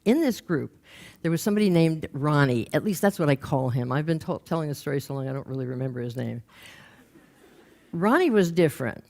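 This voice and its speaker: Low-voiced older woman storyteller. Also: brisk, gravelly. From United States. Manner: lively, humorous, acts out quoted voices. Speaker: career coach and speaker. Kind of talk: storytelling talk.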